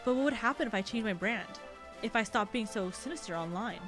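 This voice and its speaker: A woman's voice: mid-range voice, brisk, music in the background, natural voice. A woman reading as a brooding alien noble lady. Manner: brooding, self-pitying monologue. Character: haughty female alien noble, sinister yet lonely. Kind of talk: reading a visual novel aloud.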